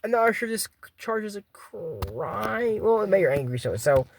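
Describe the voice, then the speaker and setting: A man casually recapping a cartoon episode. He rambles with fillers and asides, and reads character lines aloud in a flat way. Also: high-pitched, moderate pace, gravelly.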